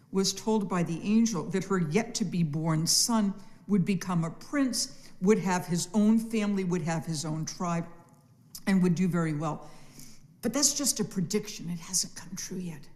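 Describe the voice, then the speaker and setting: Middle-aged woman, church adult-class teacher, lively storyteller with wry humor, slightly low voice. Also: normal speed.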